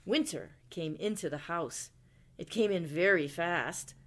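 A woman's voice: on the low side, measured pace. Woman reading a children's story aloud. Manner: gentle, expressive read-aloud with questions to listeners. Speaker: librarian storyteller. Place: library.

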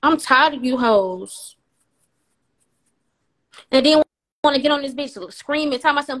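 A high-voiced woman chatting on a live stream. Her talk is brash and profane, and she brushes off her critics bluntly. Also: moderate pace, long pauses, a bit bright. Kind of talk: casual live stream chat.

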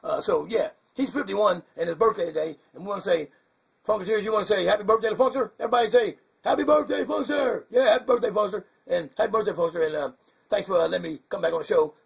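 A man's voice: high voice, fast, vocal fry, husky, exaggerated voice. A man voicing a goofy, confused male bird puppet who rambles in a muddled, chuckling way on a puppet comedy show. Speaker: hand puppet co-host.

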